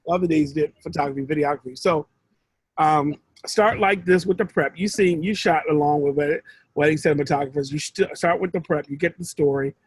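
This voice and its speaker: Husky-voiced man mentoring casually. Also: fairly high pitch, steady tone, brisk, no room sound, poor audio. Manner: rambling, conversational, with frequent restarts.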